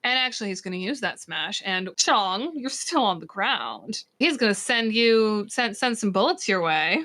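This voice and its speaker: A woman narrating as game master in a tabletop game, playful and given to dramatic pauses. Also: mid-range voice, animated, bright, forceful tone.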